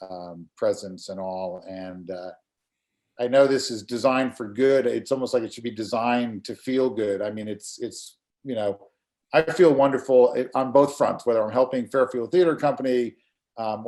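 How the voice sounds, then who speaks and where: A middle-aged man with a low-leaning, mellow voice speaks casually during a community meeting on a video call. He works as a graphic designer and volunteers locally, and his earnest speech comes out haltingly, with words repeated as he gathers his thoughts.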